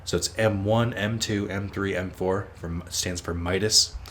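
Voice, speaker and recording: Here a man with a low, steady, slightly bright voice takes his time, and there's a touch of background noise. Rambling through a let's play, he curses freely and makes fun of himself along the way.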